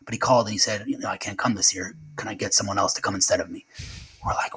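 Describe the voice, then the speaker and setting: A middle-aged man recalling loss in an interview, halting and repeating words as he talks. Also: on the low side, fairly even intonation, fairly bright tone, breathy edge, rough recording. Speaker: guest. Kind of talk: emotional remembrance interview.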